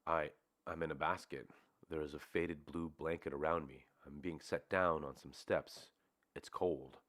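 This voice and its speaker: A man reading the part of a troubled young man under hypnosis, in a halting, hushed way. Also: very deep voice, steady tone. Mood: shaken.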